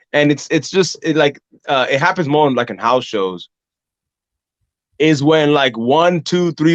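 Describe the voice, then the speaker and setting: A man talks through wrestling stories in a casual podcast chat, fairly high in pitch and animated, often slipping into the voices of fans and rivals. The sound is dry and a little dull, as if from a modest lo-fi mic. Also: no room sound. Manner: animated storytelling, acts out crowd and ring voices. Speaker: podcast host and pro wrestler. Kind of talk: casual conversation.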